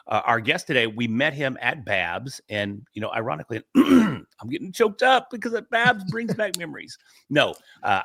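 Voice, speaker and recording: A man's voice: on the low side, fairly bright tone, no room sound, clean studio sound. A man co-hosting a podcast in casual chat, jokey and rambling, poking fun at himself as he introduces a guest. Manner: jokey, rambling, self-deprecating. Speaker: podcast co-host. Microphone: remote call setup.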